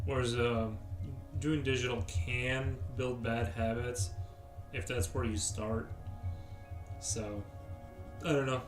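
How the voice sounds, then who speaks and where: A man's voice: medium pitch, level tone, takes it slowly, long pauses. Rambling man streaming in a roomy space. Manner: rambling, answers viewer chat. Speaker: live-stream artist. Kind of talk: casual live-stream chat while sketching. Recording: roomy, distant mic, faint music.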